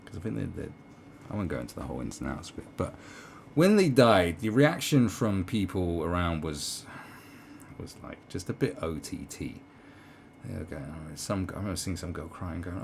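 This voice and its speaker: Gravelly, deep-voiced British man ranting. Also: very animated, normal speed, a little mellow, a little hiss or hum. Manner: sarcastic, swearing, many ums and restarts. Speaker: commentary vlogger. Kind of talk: ranting video commentary.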